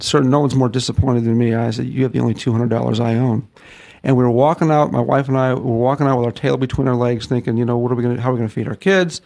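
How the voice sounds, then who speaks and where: Gravelly middle-aged man telling a story. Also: medium pitch, no room sound. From northern United States. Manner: folksy, animated storyteller acting out quotes. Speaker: guest, ministry founder. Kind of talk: storytelling interview.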